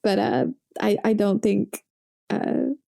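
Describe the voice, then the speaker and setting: A woman with a warm, mellow voice, speaking as a guest on a podcast. She talks in a loose, chatty way, full of "like" and "you know," with easy laughs. Her pitch sits in a middle range. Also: steady tone, slow pace, gravelly. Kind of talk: casual conversation.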